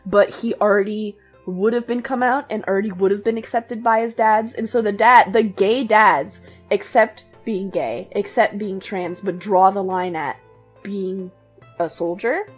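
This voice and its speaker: A woman co-hosting a podcast in casual discussion, chatty and quick to laugh. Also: medium pitch, breathy edge, soft background music. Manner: chatty, laughs often, lots of "like" fillers. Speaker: podcast co-host.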